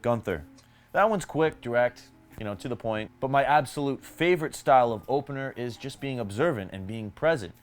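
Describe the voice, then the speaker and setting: A man's voice: mid-range voice, lively intonation, brisk. Man giving emphatic dating advice. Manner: coaching, emphatic, addresses viewers directly as guys. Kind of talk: direct-to-camera advice vlog.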